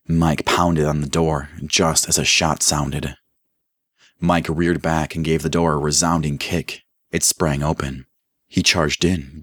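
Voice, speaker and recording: Deep husky guy narrating an audiobook, dry sound, pitch moves around a lot. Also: no room sound. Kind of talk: audiobook reading of a crime novel.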